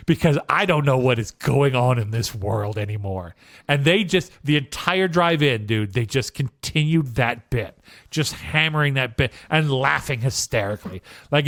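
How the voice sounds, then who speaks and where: A man co-hosting a casual podcast, telling a story with lively asides and frequent "okay?" check-ins. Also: medium pitch, no room sound, studio quality. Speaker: podcast co-host.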